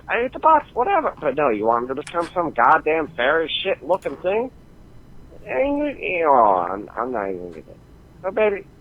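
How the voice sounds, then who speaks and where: Guy doing a crude swearing gamer dude, high swoopy rant, phone-line voicemail sound. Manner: profane, rambling rant. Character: crude foul-mouthed male gamer, brash and exasperated. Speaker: listener calling in.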